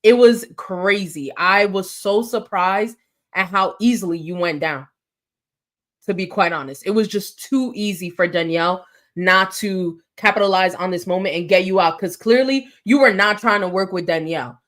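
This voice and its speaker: A woman co-hosting a podcast, retelling scenes in a quick, animated way and acting out what people said. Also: medium pitch. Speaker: podcast co-host. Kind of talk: casual recap chat.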